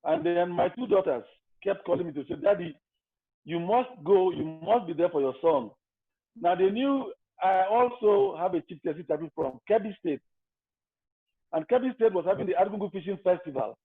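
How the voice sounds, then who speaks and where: An older man from Nigeria, a guest telling his story in a calm, measured interview manner. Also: high-pitched, gravelly, husky. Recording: tinny phone-like line.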